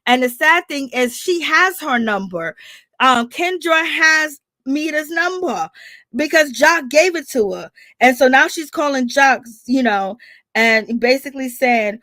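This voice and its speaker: Woman, high voice, gossipy reality-show recap, dry close mic. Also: normal speed, no echo. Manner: animated, gossipy, acts out quotes in shrill crying voices. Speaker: reality TV commentator. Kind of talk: casual recap commentary.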